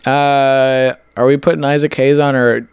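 A young man co-hosting a casual podcast chat, laid-back with slow, dry deadpan remarks. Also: mid-range voice, clean tone, no room sound. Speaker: podcast co-host.

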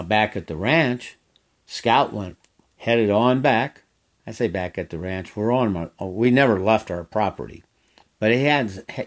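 An older man with a lowish, slightly mellow voice works as a horseback trail guide. He tells a casual story in a folksy, rambling manner, repeating phrases.

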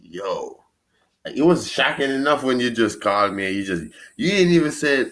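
A man with a New York accent hosting a casual podcast chat. He laughs often, swears freely and retells stories in an animated way. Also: mid-range voice, normal speed. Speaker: podcast host.

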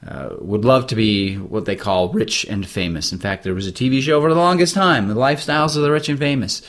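Middle-aged male host, casual monologue, emphatic storyteller with a blunt streak. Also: on the low side. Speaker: author and show host. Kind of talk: casual monologue, advice talk.

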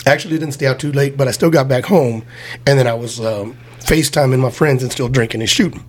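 Fast-talking, husky, foul-mouthed storyteller man. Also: mid-range voice. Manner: profane, animated storytelling with acted-out quotes. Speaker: podcast host telling stories. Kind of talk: casual storytelling chat.

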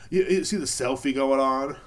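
A man's voice: medium pitch, normal speed. A man hosting a casual solo podcast, rambling, swearing often and turning sarcastic. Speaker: podcast host.

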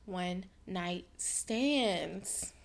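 A woman's voice: lowish voice, expressive, extremely slow, gravelly, heavy background noise. Playful young woman with casual slang. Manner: laughs often, playful slang. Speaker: podcast co-host. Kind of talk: casual chat.

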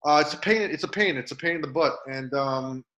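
A man's voice: on the high side, fairly quick, pushed and bright. A man speaking as a guest in a casual chat, rambling and full of filler words. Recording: roomy echo.

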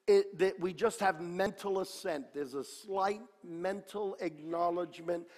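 Fiery high-voiced preacher in his sixties. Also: a little slow. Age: 60s. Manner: swings between loud impassioned shouting and low quiet speech; emphatic, repetitive preaching cadence. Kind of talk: sermon. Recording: long reverb of a large hall.

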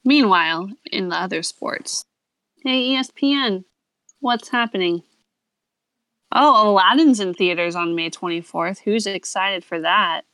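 A woman's voice: mid-range voice, a little slow, sharp tone, no echo. A woman in casual podcast chat, dropping wry quips. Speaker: podcast co-host.

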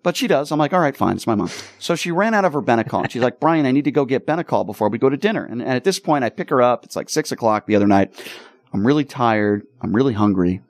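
A man hosting a radio talk show, telling stories in an animated, exasperated way. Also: mid-range voice, fast, dry recording. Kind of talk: casual storytelling chat.

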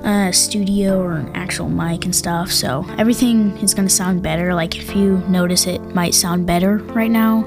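A woman's voice: lowish voice, fairly even intonation, normal speed, few pauses, over music. A woman hosting an astronomy talk, reading facts in a casual way and adding jokey asides into a home microphone. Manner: playful, jokey asides, hums drum rolls. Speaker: podcast host. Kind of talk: casual educational narration.

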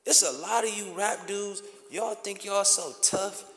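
A man's voice: high voice, a little slow, fairly bright tone. A man hosting a podcast, delivering a blunt, impassioned rant full of street slang. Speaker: podcast host. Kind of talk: impassioned monologue. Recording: echoey room with long reverb.

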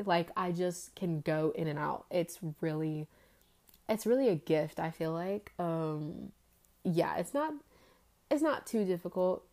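A woman's voice: lowish voice, expressive, unhurried, darkish tone. A woman vlogger and teacher chatting to viewers in a put-on British accent, rambling with lots of fillers. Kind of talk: casual chat to viewers.

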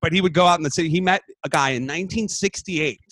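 A male comedian chatting casually with a fellow comic, swearing freely and getting animated as he tells stories. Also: fairly high pitch, fast, no echo. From Texas. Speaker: comedian, podcast host. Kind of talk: casual chat.

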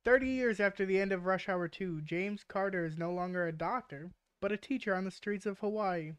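A woman's voice: medium pitch, fairly quick, clean tone, no room sound, studio quality. A woman hosting a podcast in casual chat, joking and swearing freely as she runs a word game. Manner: joking, swears freely, laughs while reading. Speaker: podcast host.

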